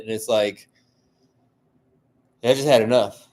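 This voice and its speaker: A man of ordinary pitch vents alone on his podcast. He swears constantly and strings his thoughts together with "like" and "you know". His heated rant keeps looping back on itself. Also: a little slow, long pauses, darkish tone. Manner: heated, profane ranting with many fillers. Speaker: solo podcast host. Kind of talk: casual monologue.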